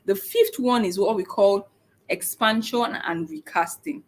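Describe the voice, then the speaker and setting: A woman speaking to parents in a relaxed teaching talk. She goes step by step and repeats key points. She often pauses with "um" and checks in with a quick "okay?". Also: medium pitch. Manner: halting, with many "um" pauses. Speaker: speech and autism educator.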